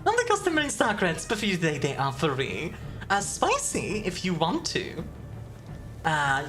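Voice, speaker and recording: A woman streamer from Belgium with a deeper voice, chatting casually and giggling with her viewers. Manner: giggly, warm toward chat, chatty. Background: background music.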